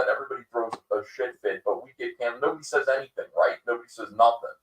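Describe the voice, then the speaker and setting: A man's voice: medium pitch, fast, slight background noise. A man hosting a livestream podcast, ranting in casual commentary with lots of fillers and mocking quoted voices. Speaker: podcast host. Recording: echoey room, distant mic.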